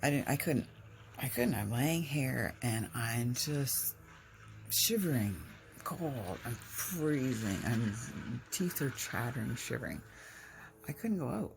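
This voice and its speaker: Woman, chatty home vlogger, slow-paced with a lot of fry in her voice. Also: very deep voice, animated, noisy background. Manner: rambling, chatty, breaks off to talk to pets. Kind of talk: casual storytelling.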